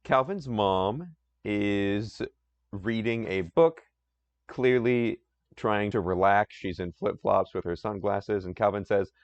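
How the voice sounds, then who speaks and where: A man's voice: on the low side, slow, dry recording, lo-fi sound. A man chatting casually on a live stream, playful and chatty, with nerdy asides.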